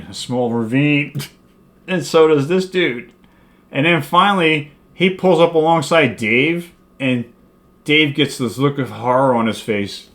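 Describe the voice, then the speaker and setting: Older guy chatting about comics, rambling and chuckling, mid pitch voice. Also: fairly bright tone. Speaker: co-host. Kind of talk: casual comic book review chat.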